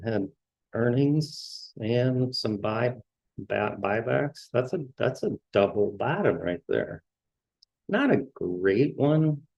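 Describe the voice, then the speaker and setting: A man's voice: fairly low pitch, gravelly, darkish tone, dry recording, poor audio. A man hosting a trading show, going through stock charts in casual market commentary and often restarting his words as he scans. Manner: halting, repeats words while scanning charts.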